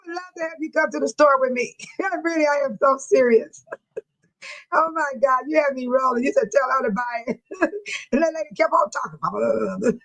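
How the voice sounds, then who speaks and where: A woman's voice: sits high, low-quality recording. An older woman hosting a casual livestream, chatting animatedly and laughing often as she reads out viewer comments. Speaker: livestream host.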